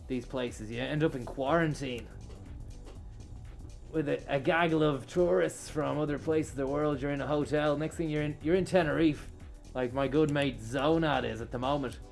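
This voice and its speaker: A man's voice: mid-range voice, gravelly. A man giving a crude, swearing, mock-serious comic rant while playing a racing game, full of over-the-top bravado. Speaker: comedic gaming commentator.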